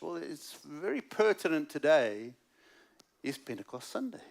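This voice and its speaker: A man preaching at a church service, his voice sitting a little higher than most men's. He swings between loud, stressed lines and hushed, near-whispered asides. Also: big pitch swings, unhurried, creaky. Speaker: guest preacher. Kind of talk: sermon.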